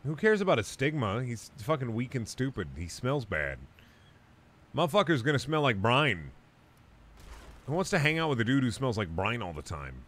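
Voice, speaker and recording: A man's voice: mid-range voice, sing-song, normal speed, fairly bright tone. A young man streaming a video game, chatting casually and ranting with lots of swearing. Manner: crude, profane, ranting. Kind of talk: casual gaming stream chat.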